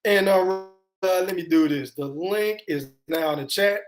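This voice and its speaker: A man hosting a casual livestream podcast, talking excitedly and profanely while reading and answering chat comments. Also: high voice, unhurried. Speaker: podcast host.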